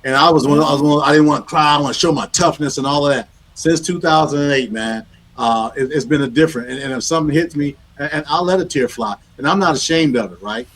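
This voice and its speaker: Fast-talking earnest male co-host. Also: a little high, a bit bright, low-quality recording. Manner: earnest, repeats words when starting a thought. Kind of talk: casual talk show chat.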